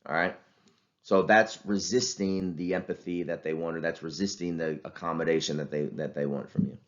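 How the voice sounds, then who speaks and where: A deep-voiced man gives a relaxed, conversational lecture to his class. He talks through ideas with plenty of fillers and restarts. The recording sounds slightly dull. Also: normal speed.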